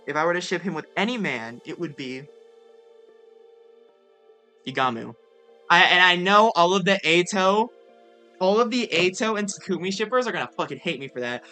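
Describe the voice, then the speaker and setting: Brief: casual streamer reacting to a game, bright voice, playful and self-deprecating. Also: mid-range voice. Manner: joking, self-mocking, swears freely.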